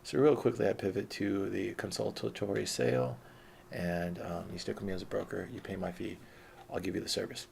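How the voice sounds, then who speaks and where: Gravelly man, low voice, profane unscripted vlog rant, combative and mocking, faint hiss behind. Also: fairly quick, a little mellow. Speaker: vlogger.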